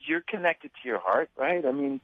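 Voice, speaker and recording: A man calling in to a radio show, talking haltingly with many restarts. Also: medium pitch, very animated, phone-quality sound. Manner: halting, hesitant, lots of restarts. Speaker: caller. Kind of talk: casual radio phone call.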